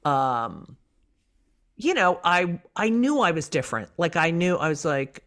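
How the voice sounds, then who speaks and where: A woman's voice: lowish voice, measured pace. A middle-aged woman, a comedian, telling stories in a casual interview, acting out quotes and swearing freely. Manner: animated storyteller, acts out quotes, swears. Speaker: comedian guest.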